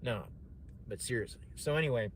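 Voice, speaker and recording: A young man with a mid-pitched voice tells a story on a casual stream. He rambles, restarts and swears freely, with faint noise behind him. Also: expressive, brisk. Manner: rambling, profane, with many fillers and restarts. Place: home streaming setup.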